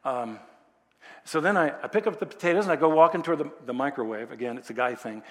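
Folksy pastor in a reverberant hall. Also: male voice, medium pitch, fast talker. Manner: folksy, self-deprecating storytelling. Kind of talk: sermon with personal story.

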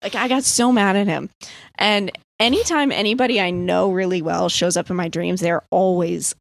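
A woman's voice: on the low side, steady tone, normal speed, creaky, dry recording. A young woman from the US East Coast casually telling friends a story, chatty, full of "like," swearing and laughing as she goes. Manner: chatty, lots of "like", swears, laughs mid-sentence.

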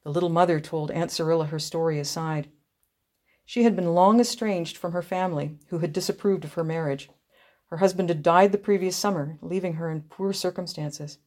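Woman reading a story aloud, low voice. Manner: measured, expressive. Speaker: narrator.

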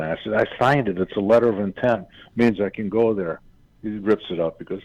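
An older man from Michigan, a former football player, telling lively anecdotes on a radio show and acting out his family's voices. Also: on the low side, a little fast, lo-fi sound. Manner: animated anecdotes, acts out quoted family voices. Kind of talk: casual storytelling on radio.

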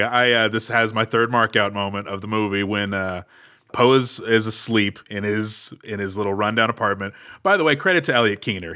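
Bright-voiced man chatting about movies. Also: lowish voice. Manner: rambling with restarts and laughs. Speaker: podcast co-host. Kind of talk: casual movie recap chat.

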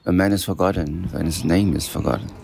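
A man's voice: low voice, steady tone, a little fast, gravelly, a little mellow, slight background noise. An older man with a German accent speaking earnest, slightly broken English as an interviewee. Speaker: artist interviewee.

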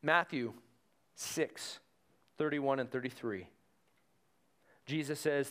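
A man's voice: medium pitch, lively intonation, takes it slowly, pauses often, fairly bright tone. A man preaching a sermon in a conversational way, retelling Bible stories with energy. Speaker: pastor.

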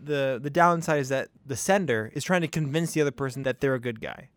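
A man's voice: medium pitch, fast talker, dry recording. A young man co-hosting a podcast, telling a history story in a casual, chatty way and chuckling often. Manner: conversational, chuckles often, puts on silly voices for quotes.

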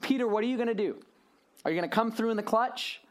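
A male pastor preaching a sermon to a room of listeners, animated and full of rhetorical questions, moving between hushed and raised delivery. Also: very high voice, fast talker, smooth. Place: church or youth gathering room.

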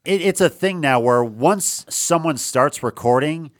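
A man co-hosting a podcast, teasing the others with quick quips. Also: fairly high pitch, lively intonation. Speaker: podcast co-host. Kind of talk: casual chat.

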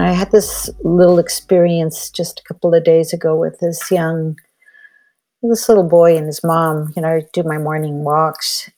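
A woman's voice: sits low, vocal fry, dark tone. Older woman telling a story. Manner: reflective, conversational, with many "you know" fillers. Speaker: healer and elder. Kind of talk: personal storytelling.

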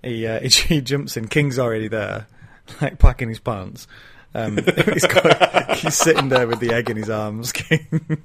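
A man in relaxed conversation, recapping a book's scenes and often laughing along the way. He slips briefly into quoted lines from the story as he goes. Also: medium pitch, measured pace, hardly any pauses, a little hiss or hum. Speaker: podcast co-host. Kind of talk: casual chat retelling a novel.

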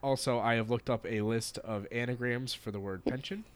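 A man's voice: mid-range voice, fairly even intonation, fairly quick, very noisy. A man co-hosting a casual podcast, making dry puns and wry remarks. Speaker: podcast co-host. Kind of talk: casual chat.

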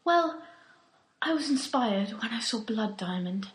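A woman plays a gushing, naive young volunteer with a posh air. Her voice sits high and swoops up and down through every earnest line. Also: very animated, moderate pace, echoey room.

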